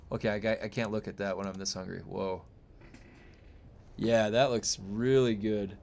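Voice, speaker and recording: Streamer type: young man, slightly low voice, loose rambling chat with his audience. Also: steady tone, measured pace, creaky, long pauses, darkish tone. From United States. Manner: rambling, chatty, with frequent fillers and restarts. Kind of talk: casual chat reading viewer comments.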